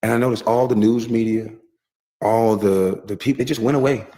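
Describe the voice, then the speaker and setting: A man tells stories in a loose, boastful ramble, swearing freely. His voice sits at an ordinary middle pitch. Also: fairly even intonation, a little fast, dark tone. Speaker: guest telling stories, played as a clip. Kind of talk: casual storytelling.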